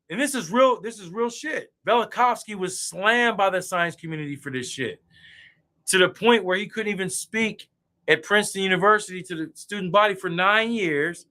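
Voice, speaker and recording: A man's voice: sits high, pushed and bright. A man ranting in a heated online chat, boastful and profane, drinking beer as he talks. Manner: drinking beer while talking. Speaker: guest speaker. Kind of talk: heated casual debate chat.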